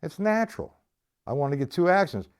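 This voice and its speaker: A man teaching drum technique on a live stream. His pitch swings up and down as he talks, animated and chatty. He repeats himself and keeps asking whether his viewers are following. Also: fairly quick, very noisy. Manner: animated, conversational, repeats points, checks in with viewers. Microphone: live stream camera mic.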